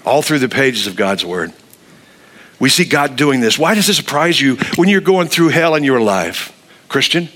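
A man preaching a sermon, animated, acting out the people he quotes. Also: medium pitch, moderate pace. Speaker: pastor.

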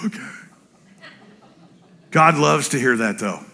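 A male pastor preaching a sermon in church, blunt and joking, an animated storyteller who acts out other people's voices. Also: mid-range voice, takes it slowly, creaky.

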